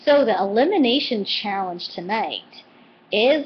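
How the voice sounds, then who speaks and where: A woman's voice: mid-range voice, unhurried, husky. A woman vlogger chatting casually and animatedly as she recaps a TV cooking show episode. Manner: chatty and animated, quoting with put-on voices. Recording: slightly dull lo-fi home recording with faint noise.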